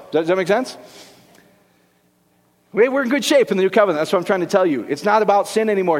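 A middle-aged man preaching with a fairly high voice, his words ringing out in a hall with a long reverb. He jokes and keeps throwing questions back at his congregation. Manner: lively, joking, rhetorical questions to the congregation. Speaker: pastor. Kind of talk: sermon.

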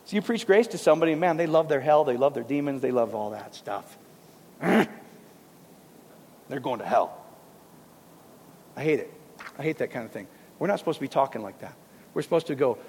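A man preaching a sermon to a congregation, in a conversational, animated way with casual asides. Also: on the high side, a little fast, pauses often, long reverb tail, a little hiss or hum.

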